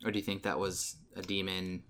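A man talks through a film scene by scene on a casual review podcast. His voice sits low but has a bright, forward edge. He fills pauses with ums and restarts his sentences. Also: completely flat delivery. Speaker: podcast co-host.

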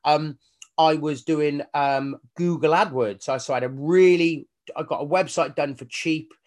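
A fitness coach is a guest in a casual interview, telling his own story with a fairly high voice at a moderate pace. He's animated, swears casually, and acts out his inner voices.

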